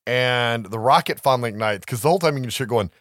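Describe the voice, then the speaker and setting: A man co-hosting a podcast, retelling a movie plot in a casual, animated way with frequent laughs. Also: medium pitch, fast, no echo, studio quality. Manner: animated storytelling, laughs often, profanity. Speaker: podcast co-host.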